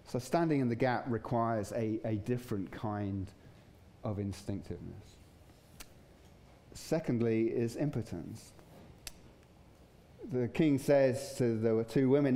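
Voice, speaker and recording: Male pastor, warm low-key sermon delivery, relaxed and chatty. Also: a little slow. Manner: conversational, chuckling, acts out voices in stories. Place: church.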